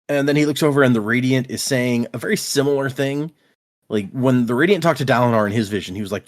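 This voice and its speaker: A man's voice: mid-range voice, animated, a little fast. A man co-hosting a casual book discussion podcast, animatedly retelling scenes and paraphrasing characters. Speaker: podcast co-host.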